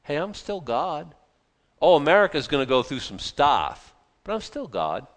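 A man's voice: on the high side, wildly swooping pitch, normal speed. A man voicing God as a male figure in a sermon, speaking in a breezy, offhand, everyday way. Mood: reassuring. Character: God, male, casual and reassuring.

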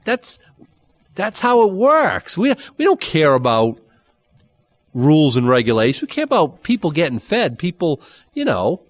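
A man preaching a Bible-teaching sermon, conversational and animated, with dry humor and sudden jumps in pitch. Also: measured pace, no echo. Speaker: pastor.

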